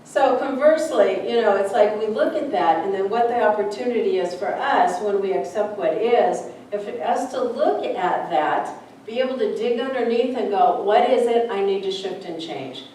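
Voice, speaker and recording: With a warm, medium-pitched voice and lively intonation, a woman minister speaks at normal speed through a story-rich, conversational sermon, often performing the voices of those in her tales. The church sanctuary is echoey, captured by a distant mic with faint background noise.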